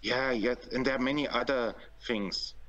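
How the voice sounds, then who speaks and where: A man's voice: mid-range voice, normal speed, a bit bright, no echo, highs cut off. German accent guy, guest in an interview, earnest, keeps repeating words as he thinks. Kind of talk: interview conversation.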